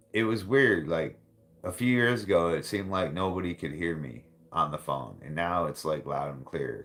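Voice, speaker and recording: A man with a very low voice holds a loose, casual conversation. He talks bluntly, swears freely and laughs often as he goes. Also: fairly bright tone. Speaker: livestream host. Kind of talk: casual chat.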